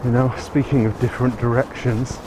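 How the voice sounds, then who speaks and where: A man's voice: mid-range voice, flat delivery, brisk. Chatty man on a noisy street. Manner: chatty and rambling, with self-corrections. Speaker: vlogger giving a walking tour. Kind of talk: casual walking-tour narration. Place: city streets outdoors. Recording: outdoor street recording with traffic noise.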